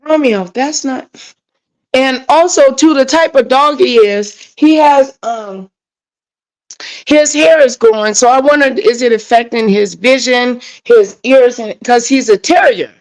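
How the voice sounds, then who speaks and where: A woman's voice: high voice, a little slow, poor audio. Emotional ranting woman livestream host. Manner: emotional, ranting, talking back to chat. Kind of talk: casual livestream chat.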